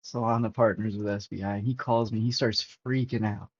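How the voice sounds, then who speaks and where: Profane excitable man streaming crypto charts. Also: on the low side, a little fast, breathy edge. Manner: profane, excitable, talks to chat. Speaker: crypto livestream host. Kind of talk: casual livestream chart commentary. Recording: dull lo-fi stream audio.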